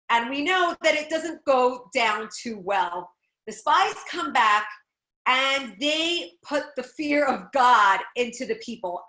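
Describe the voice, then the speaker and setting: A woman giving a Torah class, telling the story with lively, expressive delivery and acting out the people she quotes. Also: sits high, echoey room. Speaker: Torah teacher.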